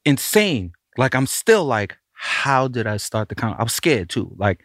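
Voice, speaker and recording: A man tells a studio story in a loose, chatty way, his pitch swinging widely as he acts out everyone involved. The sound is dry and close, with no room in it. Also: unhurried, no echo. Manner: animated, acts out the voices of others in his story. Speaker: record producer telling a studio story. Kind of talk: casual storytelling on a podcast.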